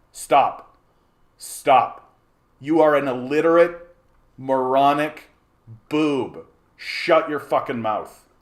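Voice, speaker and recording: A man from Canada hosting a livestream, ranting angrily at his chat, mocking and swearing, often repeating and stumbling over words. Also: medium pitch. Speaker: livestream host. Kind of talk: angry rant to a live chat.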